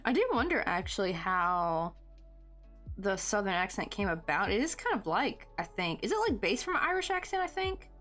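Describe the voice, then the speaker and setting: A woman's voice: medium pitch, very animated, moderate pace, fairly bright tone, soft background music. A woman in her thirties hosting a crochet livestream, chatting casually in a rambling way with lots of fillers and easy laughs.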